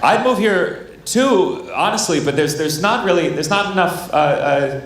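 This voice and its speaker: A man's voice: high-pitched, animated, a little slow. A man from the United States, doing a stand-up set and crowd work on a club stage, often stammering and restarting. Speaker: stand-up comedian. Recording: echoey club with loud noise. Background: audience laughter.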